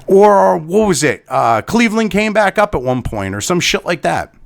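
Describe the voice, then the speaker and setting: A man's voice: sits high, very animated, normal speed, gravelly. A man ranting as a commentator, heated and sarcastic, swearing constantly. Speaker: online commentator. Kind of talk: angry profane rant.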